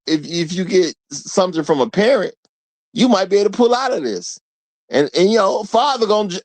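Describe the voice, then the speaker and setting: Animated guy hosting his show, kinda high voice, dry sound, keeps laughing. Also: no echo. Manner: animated, acts out quotes, laughs often. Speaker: host. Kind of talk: casual commentary.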